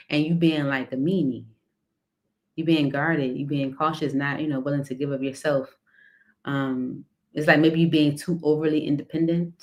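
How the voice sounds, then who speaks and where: Low-voiced woman giving a casual tarot reading. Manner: rambling, filler-heavy, laughs between cards. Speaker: tarot reader.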